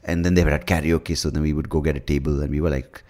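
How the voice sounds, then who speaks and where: Solo podcast host, extremely low voice, profane self-mocking ramble. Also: male voice, little pitch movement, fast, a little mellow. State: hungover. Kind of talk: casual solo monologue.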